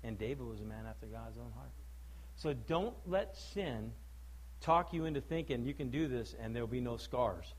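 A male preacher giving a sermon, emphatic and full of rhetorical questions, swinging between loud declaiming and low, quiet stress. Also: animated, normal speed, poor audio.

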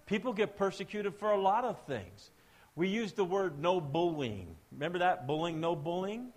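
A man's voice: high voice, expressive, normal speed. A man preaching a sermon to young people and adults, talking to them directly and asking them to answer back. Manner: swings between soft and loud, rising to emphatic exhortations.

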